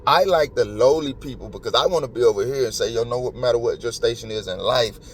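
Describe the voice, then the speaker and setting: A man's voice: mid-range voice, fast talker. Male podcast host, emotional, emphatic, rambling commentary, faint noise behind. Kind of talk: casual commentary.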